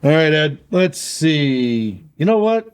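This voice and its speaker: A man's voice: a little high, very animated, slow pace, slight background noise. Guy co-hosting a podcast, laid back chatter, lots of ums and laughing. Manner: chatty, laughs often, filler-heavy. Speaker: podcast co-host. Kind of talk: casual chat.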